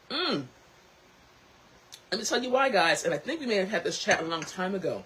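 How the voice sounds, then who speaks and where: A woman hosting her own tea talk show, chatting casually to camera, lively and quick to laugh. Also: on the low side, husky, rough recording.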